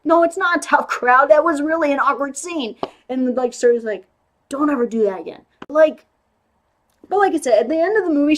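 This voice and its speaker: A young woman giving a casual spoken movie review, chatty and animated, with lots of "like"s and restarts. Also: on the high side.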